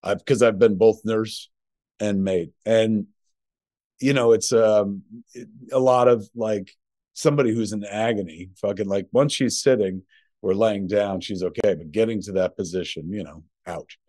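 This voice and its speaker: Middle-aged male podcast co-host, rambling and profane, low voice, dry sound. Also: moderate pace, warm tone, no room sound. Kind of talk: casual chat. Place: home.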